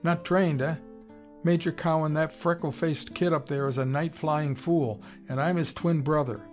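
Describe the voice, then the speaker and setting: A man voicing a hotheaded young fighter pilot who shouts urgent orders and demands. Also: a little high, fairly even intonation, moderate pace, soft background music, natural voice. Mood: shouting.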